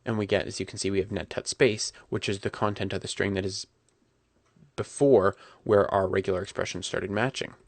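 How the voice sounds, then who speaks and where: A man talking through a coding tutorial at his computer, relaxed and correcting himself as he types. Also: low-pitched, a little fast, creaky, no room sound. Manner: relaxed, self-correcting, talks while typing. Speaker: programming instructor.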